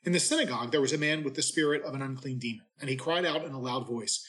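Man reading scripture with measured reverence. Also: mid-range voice, fairly bright tone, rough recording. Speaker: clergyman giving daily readings and reflection. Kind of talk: scripture reading and short homily.

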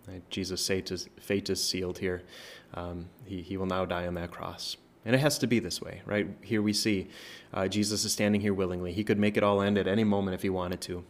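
A man's voice: low voice, little pitch movement, brisk. A man speaking as a pastor, walking through a Bible passage in a loose, conversational way, full of fillers and tag questions. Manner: prays softly at the close. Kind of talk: informal Bible teaching.

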